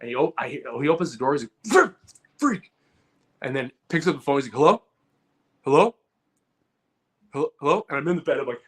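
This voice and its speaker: A man co-hosting a comedy podcast, telling a story in a casual, animated way and acting out loud outbursts. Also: mid-range voice, racing, few pauses, slightly rough. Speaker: podcast co-host.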